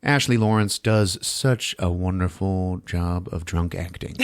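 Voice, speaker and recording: A man hosting a podcast, giving a comedic movie recap in a lively, profane style and laughing often. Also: low voice, a little slow, clear, resonant tone. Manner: animated, swearing, laughing often. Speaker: podcast host.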